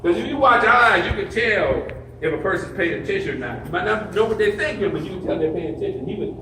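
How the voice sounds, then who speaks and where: Brief: man in his 60s, counselor lecturing, high-pitched folksy storytelling, roomy far-off sound with light noise. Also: expressive, fast, bright, forceful tone. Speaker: group counselor. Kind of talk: talk to an audience. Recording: echoey hall, voice heard from afar.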